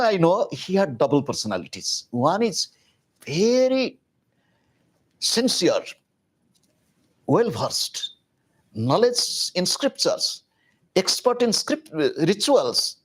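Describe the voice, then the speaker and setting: A man giving a public spiritual talk, telling a story in an animated, conversational way with casual asides. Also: high-pitched. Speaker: spiritual teacher.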